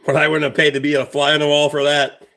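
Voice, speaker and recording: A man's voice: on the high side, monotone, fast, gravelly, sharp tone. A man hosting a livestream, telling a rambling story in a blunt, heavily profane way. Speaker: livestream host.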